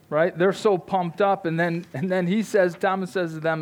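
A man's voice: on the high side, steady tone, normal speed, few pauses. A man preaching a sermon, fervent and emphatic, often repeating words and tagging his points with "right?". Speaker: pastor.

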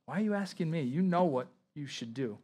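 A man delivering a sermon in a somewhat high voice. He reads scripture passages aloud, then explains them in his own words, pressing hard on key points. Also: lively intonation, brisk, darkish tone. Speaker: pastor.

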